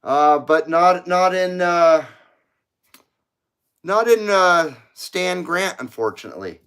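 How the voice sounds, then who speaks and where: A man's voice: sits high, expressive, slow, a bit bright, clear, resonant tone. A middle-aged man from the United States hosting a CB radio livestream, chatting casually and rambling, often laughing at his own jokes.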